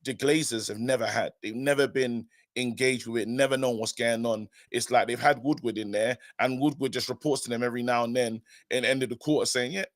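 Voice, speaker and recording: A man's voice: mid-range voice, fairly even intonation, a little fast, hardly any pauses, no echo, studio quality. A man co-hosting a fan livestream, talking in a laid-back, slangy, conversational way. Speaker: regular co-host on fan channel. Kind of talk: casual live-stream chat.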